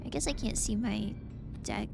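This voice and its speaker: A woman's voice: mid-range voice, moderate pace, vocal fry. A woman streaming a video game, chatting casually, reading on-screen text aloud and slipping into whispered asides. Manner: excitable, drops into whispered asides. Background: game music.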